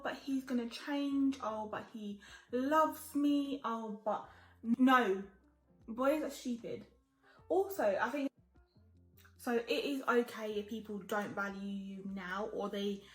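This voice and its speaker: A medium-pitched woman in her 20s, working as a lifestyle vlogger, talks casually while getting ready. The sound is roomy, and her advice is blunt and emphatic, with plenty of swearing.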